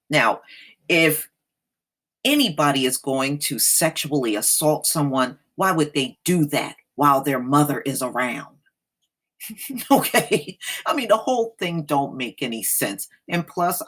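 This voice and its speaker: Slow, sassy woman commentator. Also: extremely low pitch. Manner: sassy, blunt, slangy. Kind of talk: casual reaction commentary.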